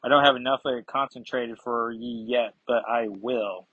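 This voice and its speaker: A man's voice: medium pitch, steady tone, moderate pace, sharp tone, slightly rough, dry recording, lo-fi sound. A man voicing a cruel, scheming woman villain with a put-on Scottish accent, taunting and threatening. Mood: gloating.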